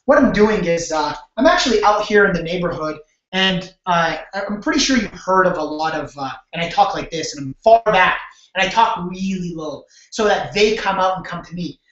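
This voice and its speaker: A man's voice: high-pitched, expressive, moderate pace, a bit bright. Man, sales coach, live webinar, rambling with restarts, roomy echo, muffled computer mic. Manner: rambling, frequent restarts, acts out door-step scenes. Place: home room on a video call. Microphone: computer mic on a video call. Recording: echoey, dull webcam audio.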